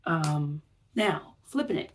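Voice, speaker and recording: A woman's voice: sits low, expressive, slow pace, a little hiss or hum. A woman wellness vlogger giving a chatty, rambling recap, acting out her reactions as she talks. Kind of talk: casual vlog recap.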